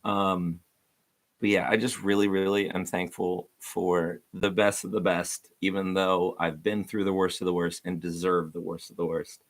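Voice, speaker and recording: A man's voice: low voice, flat delivery, normal speed. A man giving an informal, earnest devotional talk to viewers, rambling with frequent restarts.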